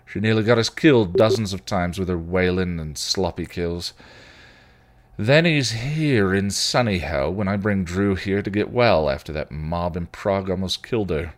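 A man's voice: deep voice, normal speed, close to an everyday voice. A man voicing a volatile, bitter male vampire who rants and snarls. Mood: sulky. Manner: snarling, ranting.

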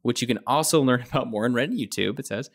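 Male podcast co-host, middle pitch, casual and jokey, reads aloud. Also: rapid-fire. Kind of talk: casual chat.

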